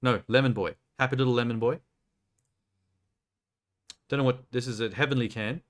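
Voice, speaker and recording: A man's voice: mid-range voice, moderate pace. A young man live-streaming, chatting casually and making crude jokes while browsing trailers. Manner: joking, crude, rambling commentary.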